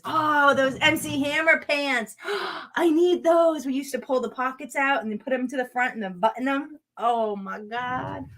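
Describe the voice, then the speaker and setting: Chatty rambling woman crafting host. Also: a little high. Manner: chatty, rambling, playful with viewers. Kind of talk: casual livestream chat.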